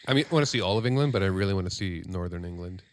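A man co-hosting a podcast in casual chat, relaxed and given to explaining things at length. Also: low voice, rapid-fire, dry recording. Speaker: podcast co-host.

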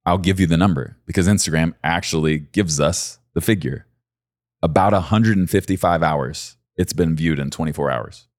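A man in his forties preaching a sermon, talking to his listeners directly and pushing his voice up high and loud when he urges them on. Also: normal speed, no echo, studio quality. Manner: emphatic, rises to high excited peaks when urging listeners.

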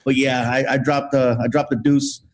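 A man telling an animated comic story as a guest, acting out what people said. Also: mid-range voice, normal speed. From Mexican heritage. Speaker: guest comedian. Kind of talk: storytelling on a podcast.

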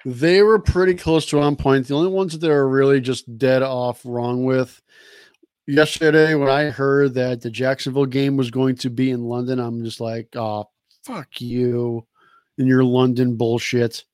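A man's voice: mid-range voice, fairly even intonation, normal speed, darkish tone, clean tone, dry recording, clean studio sound. A man co-hosting a casual sports podcast, eager and blunt, laughing a lot. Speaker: podcast co-host.

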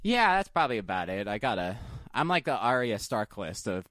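A man co-hosting a casual podcast, telling a profane, animated story and bursting into high laughs. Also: fairly quick, no echo, studio quality. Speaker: podcast co-host. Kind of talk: casual chat, storytelling rant.

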